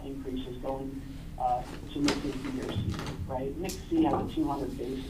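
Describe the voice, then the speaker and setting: A man consultant explains risk figures to a board in a steady, explanatory way, with some fillers. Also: medium pitch. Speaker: investment consultant presenting to a retirement board. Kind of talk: explanatory presentation at a public board meeting. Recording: echoey room, distant mic, noticeable noise.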